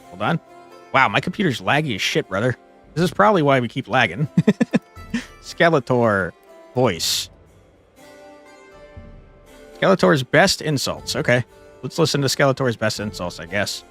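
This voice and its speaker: A man's voice: medium pitch, big pitch swings, measured pace, long pauses, a bit bright. A young man live-streaming a game, chatting in a laid-back, jokey way with casual swearing. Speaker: gaming streamer. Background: game music.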